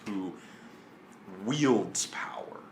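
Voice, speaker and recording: A man's voice: lowish voice, lively intonation, drawn-out words, a little hiss or hum. A man narrating a tabletop role-playing game as game master, rambling with lots of fillers and vivid description. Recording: roomy echo, faint music behind.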